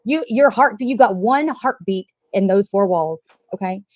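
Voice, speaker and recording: A woman's voice: mid-range voice, lively intonation, a little slow, no room sound, lo-fi sound. A woman on a live stream, swearing and confronting a caller in a heated argument. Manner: profane, confrontational.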